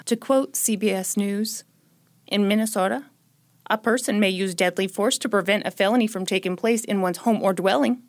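A woman's voice: mid-range voice, moderate pace, no echo, clean studio sound. A woman hosting a podcast who tells a true crime story and chats in a jokey, sarcastic way, short on sleep. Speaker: podcast host.

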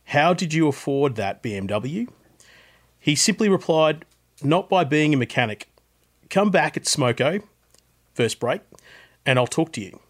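A man reading a listener's story in a put-on Australian accent, voicing a blunt ex-mechanic turned salesman. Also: fairly high pitch.

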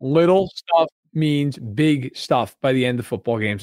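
A man's voice: medium pitch, expressive, a little slow, darkish tone, no echo, studio quality. A man co-hosting a sports podcast, giving a heated, emphatic breakdown that hammers the same points again and again. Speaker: podcast co-host. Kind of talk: casual podcast analysis.

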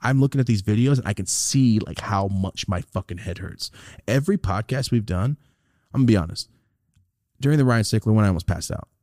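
A man's voice: lowish voice, a little fast, no echo, clean studio sound. A young man co-hosting a podcast in casual chat, telling stories about getting over a sinus infection, swearing and acting out what others said. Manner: animated storytelling, swears a lot, acts out quotes. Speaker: podcast co-host.

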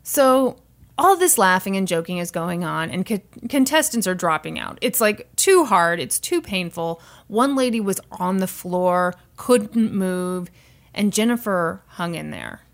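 A woman hosting a podcast, telling a story in casual chat and acting out the people she quotes. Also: a little slow. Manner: animated, acts out quoted people with raised pitch. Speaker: podcast host.

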